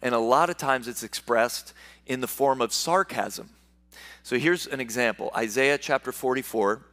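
A man's voice: medium pitch, normal speed, a bit bright. A man preaching a sermon as a pastor, reading scripture aloud and explaining it, often restarting and repeating words.

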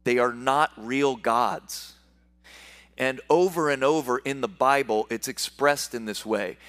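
A man's voice: medium pitch, measured pace, a bit bright. A man preaching a sermon as a pastor, reading scripture aloud and explaining it, often restarting and repeating words.

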